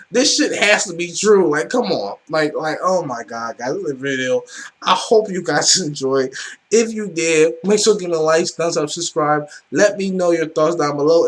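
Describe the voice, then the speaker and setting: A man hosting a reaction video, excitable and profane, rambling with lots of fillers. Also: on the high side, normal speed. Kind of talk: casual reaction commentary.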